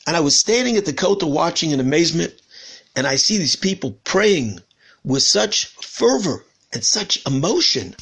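A man voicing a sincere Texan donor while retelling a story in a lesson, plain and earnest, in his own gravelly voice. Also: on the high side, big pitch swings, moderate pace, a bit bright, exaggerated voice. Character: sincere Texan man Lenny, middle-aged, humble donor.

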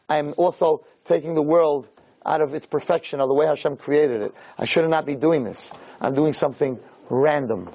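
A man giving a weekly Torah talk as a lively, chatty storyteller who drops in Hebrew terms. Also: fairly high pitch, gravelly, poor audio. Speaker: Torah lecturer.

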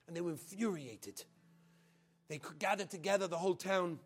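A man with a high, raised voice delivers a passionate storytelling sermon. He acts out each part, rising to urgent loud stretches and dropping to hushed, grave tones. Faint music plays behind him. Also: normal speed, husky. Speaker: teacher on a school trip. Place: outdoors at a memorial site.

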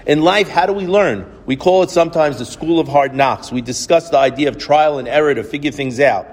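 A man's voice: a little high, brisk. Man preaching in a reverberant hall. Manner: storytelling, reflective, quotes others at length. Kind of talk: sermon.

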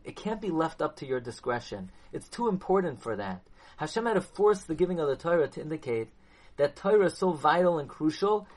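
A man giving a Torah class lecture, animated, asking his listeners questions and mixing Hebrew and Yiddish terms into his English. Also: high-pitched. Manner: animated, asks the audience questions. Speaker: Torah teacher.

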